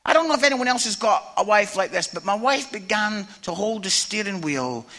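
A middle-aged man preaching a humorous storytelling sermon, an animated teller with punchy asides. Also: sits high, moderate pace. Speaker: evangelist preacher.

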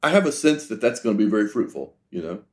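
Low-voiced reflective male podcast host. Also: sing-song, quick pace, darkish tone. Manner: reflective, talks in extended metaphors. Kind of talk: conversational interview.

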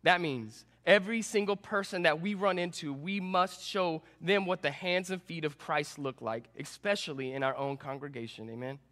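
A young adult man, a student pastor, preaching a sermon and telling a personal story with animated, self-deprecating humor. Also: fairly high pitch, moderate pace, hardly any pauses. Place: church sanctuary. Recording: long reverb in a church hall.

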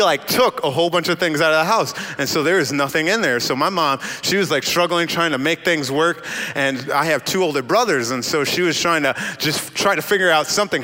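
A young man telling a stand-up story, animated and acting out the voices of the people in it. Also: big-room sound. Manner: animated, acts out voices, big pitch swings. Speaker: comedian.

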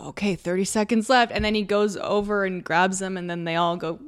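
A woman's voice: medium pitch, steady tone, a little fast, smooth. Woman, podcast co-host, casual movie chat, laughs a lot, filler-heavy. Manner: chatty, laughs often, many fillers.

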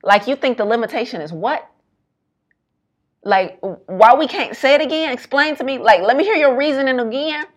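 A woman health coach giving an emphatic, colloquial motivational talk, repeating her points in quick bursts. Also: high-pitched, animated.

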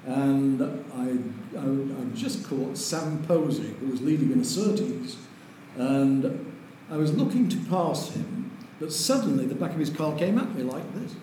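An older man, telling lively anecdotes as an interview guest and chuckling through them. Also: mid-range voice, a little slow, few pauses. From Lancashire, England. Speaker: interview guest, racing driver. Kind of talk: anecdotal storytelling. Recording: very echoey room with faint noise.

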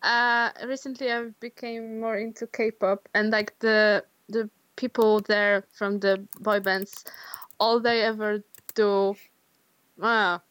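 Slow, hesitant woman co-host. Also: medium pitch, flat delivery, a bit bright, clear, resonant tone, dry recording. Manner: hesitant, restarts and searches for words. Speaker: podcast co-host. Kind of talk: casual chat.

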